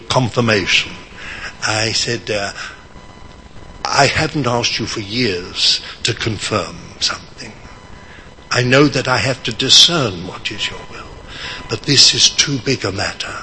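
A man's voice: mid-range voice, a little hiss or hum, rough recording. An older man telling a personal faith story, acting out the people in it. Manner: animated storyteller, acting out quotes. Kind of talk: testimony storytelling.

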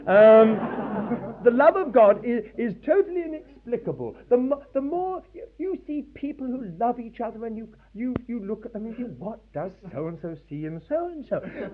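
A man preaching a sermon, animated and emphatic, with pauses. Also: very high voice. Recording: tinny phone-like old recording.

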